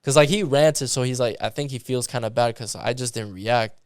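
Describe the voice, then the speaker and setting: A man from Canada, a musician guest, telling a story in casual chat, animated and full of "like". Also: mid-range voice, fairly quick, clean tone, no echo, studio quality. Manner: animated, filler-heavy with lots of "like".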